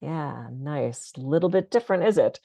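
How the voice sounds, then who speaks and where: A woman speaker on a video call, calmly and conversationally guiding listeners through breathing techniques for stress. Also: low voice, normal speed, vocal fry, dry recording. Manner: calm, conversational, gently instructive. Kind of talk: guided breathing talk.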